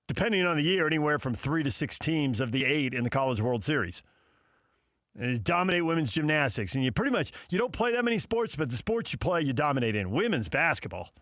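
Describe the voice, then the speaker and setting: A man's voice: mid-range voice, fairly bright tone, dry recording, clean studio sound. A man hosting a sports talk show, riffing casually with sarcastic asides and mock dialogues.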